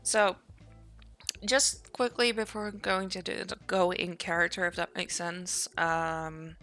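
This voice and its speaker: A woman's voice: fairly low pitch, little pitch movement, slow pace, bright, forceful tone, faint music behind. A woman streamer chatting casually to her viewers, rambling with lots of fillers, her voice tired from a long day of talking. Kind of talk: casual live-stream chat.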